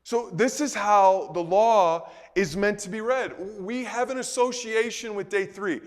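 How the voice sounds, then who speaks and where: A man preaching a sermon in a conversational way, full of rhetorical questions, moving between soft and loud delivery. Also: sits high, a little slow. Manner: conversational, repeats words.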